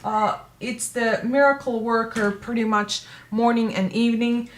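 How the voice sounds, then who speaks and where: A woman's voice: on the high side, fairly even intonation, measured pace, slight background noise. A woman beauty vlogger giving a casual skincare product review, chatty and self-correcting, repeating words for emphasis.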